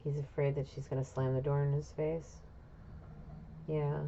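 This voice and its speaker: A woman with a low voice talks through a psychic reading on her own, questioning spirit out loud and answering herself. She is blunt and swears casually. The recording is dull and lo-fi with faint noise behind. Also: flat delivery, moderate pace. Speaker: intuitive reader.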